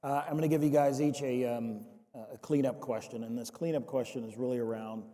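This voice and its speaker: A man moderating a conference panel, asking relaxed questions with many fillers. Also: mid-range voice, fairly quick. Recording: reverberant conference hall.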